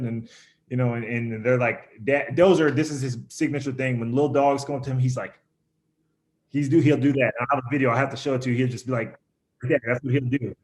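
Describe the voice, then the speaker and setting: A man's voice: medium pitch, fairly quick. A young adult man, a pro baseball player, casually telling a long story, rambling with lots of fillers and acting out what people said. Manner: relaxed, rambling, full of fillers, acts out quotes. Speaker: professional baseball pitcher, guest.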